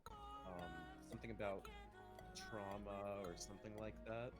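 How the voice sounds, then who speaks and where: A man's voice: fairly low pitch, steady tone, unhurried, music in the background. A man in casual chat, rambling and correcting himself with frequent ums.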